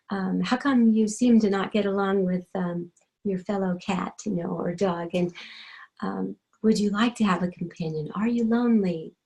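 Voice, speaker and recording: A middle-aged woman, an animal communicator, telling her own story in a gentle, chatty way, full of ums and you-knows. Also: mid-range voice, rough recording. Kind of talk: personal storytelling talk.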